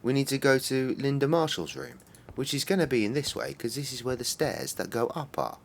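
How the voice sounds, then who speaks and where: A man's voice: medium pitch, brisk, gravelly. Sweary male streamer. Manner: sweary, exasperated muttering. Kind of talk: casual game-stream commentary.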